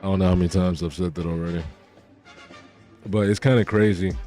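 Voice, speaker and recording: Man, low voice, casual live stream chatter, slangy and cussing, excitable. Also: brisk, soft background music. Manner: slangy, profane, excitable, acts out lines. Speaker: manga reaction streamer. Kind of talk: casual live reaction commentary.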